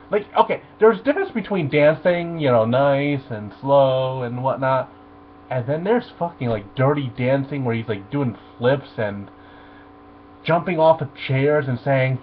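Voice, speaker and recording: A man's voice: a little high, animated, moderate pace. A man ranting animatedly and profanely through a review of a superhero film. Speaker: movie reviewer. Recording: tinny phone-like audio with faint mains hum.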